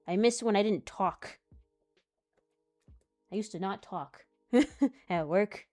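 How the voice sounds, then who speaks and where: A woman's voice: mid-range voice, takes it slowly, pauses often, a little mellow, faint music behind. A young woman rambling casually while she draws, laughing a lot, swearing, and muttering to herself over her work. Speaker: artist streamer.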